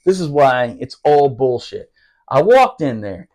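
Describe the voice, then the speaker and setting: A man telling a rough, profane story from his military days in casual podcast talk, laughing and doing quick impressions. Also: medium pitch. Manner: profane, animated, laughing, fast asides.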